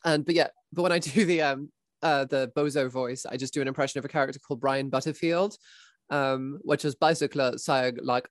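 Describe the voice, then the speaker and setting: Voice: medium pitch, fairly even intonation, a little fast, no room sound. Give me a chatty voice actor talking over a video call, dry and close. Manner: rambling, laughing, many fillers. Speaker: voice actor and guest. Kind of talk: casual chat.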